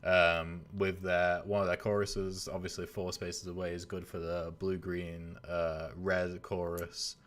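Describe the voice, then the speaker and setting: Very low-voiced man hosting a game stream. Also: level tone, measured pace, few pauses, a bit bright. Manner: casual, rambling, many filler sounds. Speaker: tournament host and commentator. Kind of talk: live stream game commentary.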